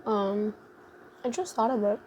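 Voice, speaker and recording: A woman's voice: mid-range voice, unhurried, a little mellow, slight background noise. A young adult woman vlogger telling a casual storytime, rambling and full of fillers like "like" and "um".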